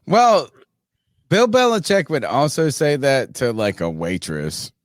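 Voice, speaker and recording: A man hosting a sports podcast, talking casually, animated and profane, joking with co-hosts. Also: medium pitch, unhurried, no echo, studio quality. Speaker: podcast host.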